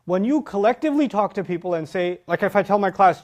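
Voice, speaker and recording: Speak as a male teacher giving a lively religious lecture. His voice sits a little high, and he hammers the key words home. He slips into quick impressions of students as he explains the text. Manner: emphatic, punches key words, acts out listeners' reactions. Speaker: teacher of Quran.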